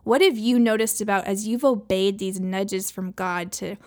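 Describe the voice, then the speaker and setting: A woman's voice: medium pitch, fairly even intonation, moderate pace, a little mellow. A woman in her thirties hosting a casual faith chat, chatty with lots of fillers. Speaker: podcast host.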